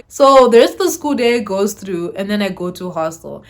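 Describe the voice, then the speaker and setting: A young woman from Zimbabwe, a YouTuber telling a storytime to her viewers in an animated, dramatic way. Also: mid-range voice, normal speed. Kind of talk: storytime vlog.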